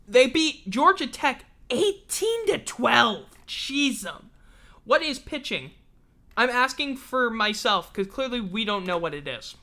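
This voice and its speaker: Bright, profane woman ranting sports. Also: on the high side, very animated, slow pace. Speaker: sports talk show host. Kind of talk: casual livestream sports rant.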